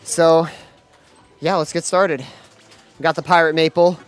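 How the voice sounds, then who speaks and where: A man doing live play-by-play commentary at a gaming event, excitable and full of fillers and restarts. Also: fairly high pitch, measured pace, clear, resonant tone, no echo, soft background music. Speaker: esports commentator.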